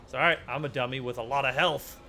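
In a mid-range, pushed and bright voice with a steady tone, a young man talks fast over a slight hiss or hum. His casual let's-play of a horror game is full of jokes, frequent swearing and yelps at the jump scares.

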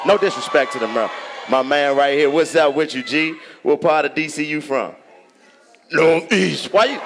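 A man with a Washington DC accent doing stand-up, ribbing the audience with loud, profane banter. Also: a little high, moderate pace, background noise. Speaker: stand-up comedian. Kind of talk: crowd work stand-up. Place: large theater on stage.

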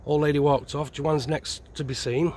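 A man's voice: fairly high pitch, flat delivery, normal speed, a little mellow, a little hiss or hum. A man who was once a prisoner, chatting in a plain, laid-back way outdoors at night. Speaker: guest, former prisoner. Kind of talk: casual chat.

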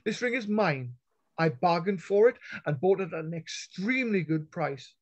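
A man voicing a bold young noblewoman who speaks in a high, clear, firm voice while reading a story aloud. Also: expressive, normal speed. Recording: dull lo-fi online call audio.

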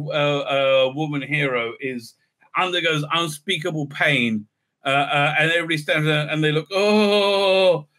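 A man's voice: fairly high pitch, pushed and bright. A man hosting a casual episode recap and review, talking in a sarcastic, mocking way and dropping into silly put-on voices. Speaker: show host reviewing a TV episode.

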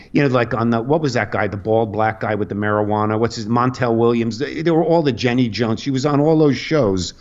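A male comedian telling rambling anecdotes full of restarts and sudden pitch jumps, as a radio guest. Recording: lo-fi radio studio audio.

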